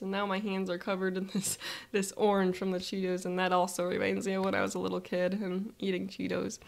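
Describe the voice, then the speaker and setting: Woman, guided visualization narrator, relaxed chatty present-tense storytelling, even pitch. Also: fairly quick, creaky.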